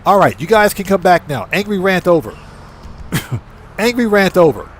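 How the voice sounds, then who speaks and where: A man's voice: high voice, big pitch swings, moderate pace, slight background noise. A man hosting a live gaming stream, chatting casually, greeting viewers by name, and breaking into emphatic rants. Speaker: livestream gaming host.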